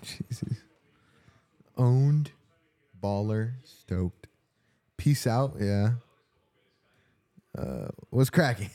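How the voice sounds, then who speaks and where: A young man co-hosting a casual podcast chat, reacting with quick questions and slang. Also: lowish voice, animated, gravelly, warm tone, no room sound. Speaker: podcast co-host.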